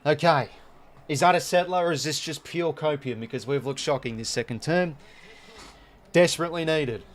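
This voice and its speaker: Aussie bloke doing live footy watch-along, gets loud and excited then grumbles. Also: male voice, fairly high pitch, moderate pace. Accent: Australian. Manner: excitable fan commentary, groans and cheers. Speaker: host.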